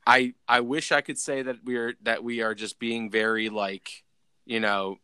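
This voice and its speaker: Bright-voiced young man telling a rambling story. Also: mid-range voice, level tone, measured pace, clean tone, no room sound. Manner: rambling, lots of "like" and restarts. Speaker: podcast co-host. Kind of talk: casual storytelling.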